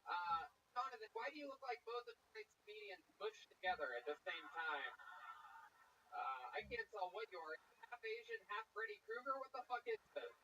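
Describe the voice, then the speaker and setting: A man's voice: very high-pitched, wildly swooping pitch, brisk, sharp tone, muffled recording. A man hosting a comedy show, doing crowd work with brash, profane, mocking banter from a club stage. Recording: distant mic with faint noise.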